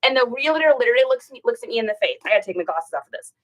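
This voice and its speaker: A middle-aged woman talks casually to her livestream viewers from home. She is animated and chatty, and her voice sits a little high. She tells a long story and puts on voices for the people in it. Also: very fast, rough recording. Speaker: reseller livestream host.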